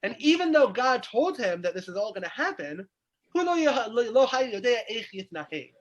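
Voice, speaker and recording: A man's voice: extremely high pitch, very animated, moderate pace, highs cut off. A man, teaching a weekly Torah class as a rabbi over a video call, explaining by asking questions aloud. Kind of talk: lively text study lecture.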